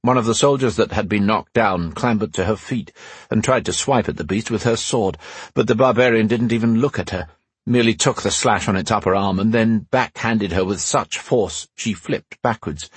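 A man giving steady, measured scripted narration of a fantasy audiobook in a slightly husky voice. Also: lowish voice, dry recording.

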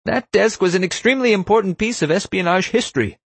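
A shrill, shrieking pompous principal in a storybook reading, piercingly high. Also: male voice, moderate pace, dry recording. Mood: enraged. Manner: shrill, screeching outbursts. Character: shrieking enraged pompous middle-aged school principal.

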